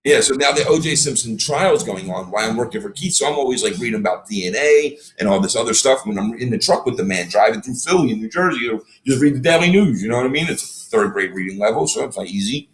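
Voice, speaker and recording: A man's voice: mid-range voice, fast, hardly any pauses. A man, a podcast guest telling stories in casual chat and acting out the people he quotes. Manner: animated storyteller, acts out quotes.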